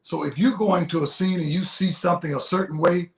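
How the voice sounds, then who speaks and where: A man who is a former police officer, speaking in a reflective, halting way on a live video talk show. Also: high voice, steady tone. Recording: echoey room.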